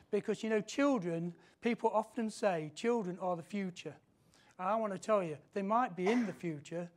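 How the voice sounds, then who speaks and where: British guy pastor doing a baby dedication, pretty high voice, jokey then slow when he reads scripture. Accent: British English. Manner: warm, jokey asides mixed with slow scripture reading. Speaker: pastor leading a child dedication. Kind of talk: church service address.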